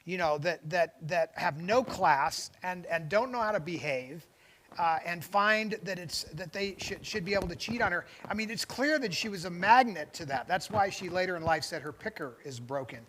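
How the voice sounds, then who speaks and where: A man's voice: high voice, normal speed, fairly bright tone, a little hiss or hum. A man hosting a show, reading a memoir aloud on a lapel mic with chatty asides and commentary. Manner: chatty asides, frequent restarts and laughs. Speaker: host.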